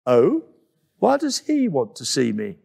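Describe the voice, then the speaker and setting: A man voicing a cheeky, excitable little female jungle animal who stammers when she feels guilty. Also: medium pitch, a little slow, creaky, heavily acted.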